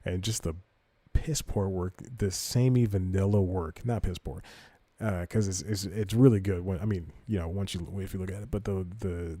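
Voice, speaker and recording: A podcast host with a low, mellow voice chats casually through the news, drifting off topic and correcting himself before reading articles aloud. The audio is dry and close-miked, with no room sound.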